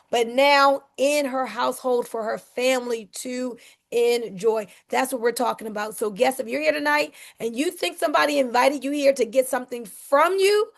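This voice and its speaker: A woman with a high voice and a gravelly edge gives an energetic sales presentation. She speaks straight to her audience, asking them questions as she pitches. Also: moderate pace.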